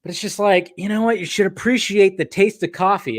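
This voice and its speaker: A man's voice: high-pitched, fairly quick, dry recording, studio quality. Rambling, cursing male stream host. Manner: rambling, loose and profane, talks straight to viewers. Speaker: host of a film news live stream. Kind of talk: casual live-stream chat reading viewer comments.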